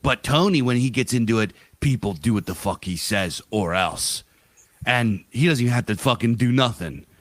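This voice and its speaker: A man of middle pitch talks loosely on a podcast, rambling, swearing freely and slipping into quick voiced asides. The sound is dry and close, with no room around him. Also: dry recording. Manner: rambling, profane, animated storytelling with voiced asides. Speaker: podcast co-host. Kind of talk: casual podcast chat.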